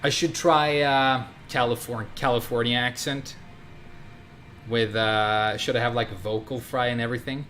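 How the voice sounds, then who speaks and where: A man's voice: mid-range voice, steady tone, normal speed, a bit bright, slight background noise. A man in his thirties from Sweden, chatting casually in a rambling way while commenting on his own gameplay. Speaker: game streamer.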